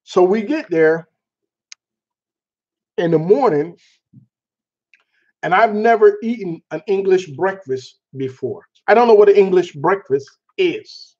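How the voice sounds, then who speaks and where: A man hosting a casual chat show, telling a story in an animated way with laughter and mild cursing. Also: high-pitched, slow pace, pauses often. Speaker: show host. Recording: dull lo-fi sound.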